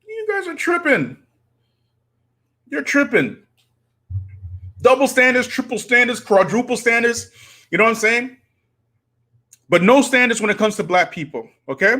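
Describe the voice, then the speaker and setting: Guy ranting on a live stream, high voice, big swings in pitch, preachy. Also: very animated, a little slow, long pauses, bright, forceful tone. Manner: rhetorical, preachy, challenging the audience. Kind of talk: impassioned live-stream commentary.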